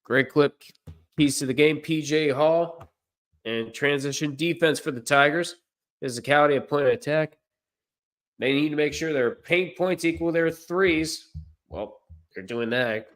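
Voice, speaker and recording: Slow-talking amateur male play-by-play caller. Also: on the high side. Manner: unpolished, self-correcting, deadpan asides. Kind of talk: livestream play-by-play commentary.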